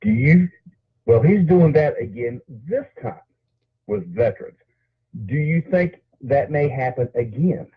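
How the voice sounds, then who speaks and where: A man's voice: medium pitch, animated, measured pace. An older man calling in to a talk show, friendly and direct. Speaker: caller. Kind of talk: call-in on a phone line. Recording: tinny phone line, husky.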